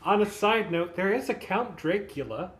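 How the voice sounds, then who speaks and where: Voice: medium pitch, expressive, normal speed. Podcast co-host in a roomy space. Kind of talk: casual chat.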